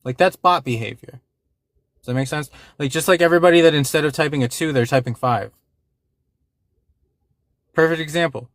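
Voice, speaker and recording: A man's voice: a little high, fairly quick, long pauses, fairly bright tone, no room sound, clean studio sound. A man hosting a livestream, talking casually and with frustration to his chat, swearing and repeating himself. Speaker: livestream host.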